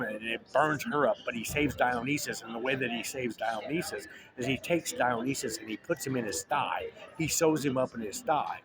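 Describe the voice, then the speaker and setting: A man in a rambling, joking casual monologue, full of restarts and asides to the listener. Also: medium pitch.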